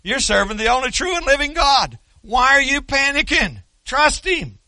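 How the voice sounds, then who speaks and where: Older man from Oklahoma, preacher. High, raspy, piercing tone, dry close sound. Folksy storyteller who works up to shouting. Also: very animated, normal speed, no room sound. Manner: rambling folksy asides, building to loud shouting. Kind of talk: sermon.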